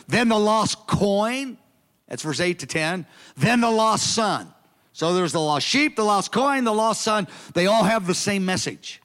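A man in his sixties preaching a sermon to young people, earnest and emphatic, slowing down to stress key phrases. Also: sits high, fairly bright tone. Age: 60s. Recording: long hall reverb.

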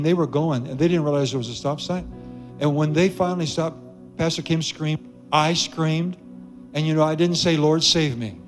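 Male pastor, sermon delivery, emphatic and playful, fairly high pitch, light music bed. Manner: emphatic, repeats key phrases, jokes with the congregation. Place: church sanctuary with congregation.

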